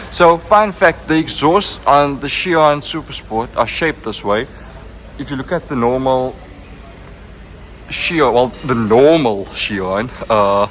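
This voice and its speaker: A young man narrating a walkaround tour of a car showroom, full of excitement, repeating himself and leaning on "like" and "look at". He talks into a handheld camera mic indoors. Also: medium pitch, slight background noise. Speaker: car vlogger.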